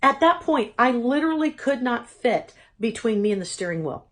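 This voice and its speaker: A woman giving a personal testimony talk as a Christian speaker, telling her story in an animated, expressive way with dramatic asides. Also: a little high, normal speed.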